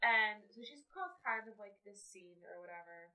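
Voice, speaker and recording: Young woman running a tabletop game, chatty and bright. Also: mid-range voice, lively intonation, normal speed, recorded from a distance, lo-fi sound. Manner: chatty, laughing, many fillers. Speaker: game master.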